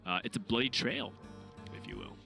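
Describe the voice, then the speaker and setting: An esports caster calls a card game tournament play by play, mixing analysis with joking asides. His medium-pitched, gravelly voice moves briskly with huge pitch swings, and a music bed runs under the commentary.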